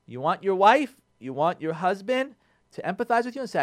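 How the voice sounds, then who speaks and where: A man, a rabbi, giving marriage advice on a radio show in an animated way, repeating phrases and mixing in Hebrew terms. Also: sits high, brisk. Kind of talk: radio talk. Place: radio studio.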